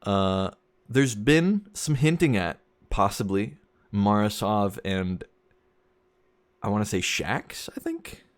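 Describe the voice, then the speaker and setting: A man's voice: on the low side, animated, takes it slowly. A young man streaming a game, chatting casually and rambling, often chuckling at his own jokes. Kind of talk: casual gameplay commentary.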